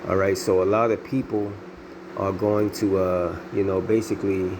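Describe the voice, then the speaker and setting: A man's voice: deep voice, flat delivery, moderate pace, noisy background. A man reading scripture aloud and preaching on it, filling his talk with repeated "man, all right?" tags. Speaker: bible teacher.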